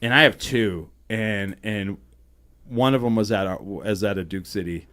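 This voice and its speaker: Animated, profane man telling stories. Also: lowish voice. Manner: quick, run-on delivery with many restarts. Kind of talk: casual chat.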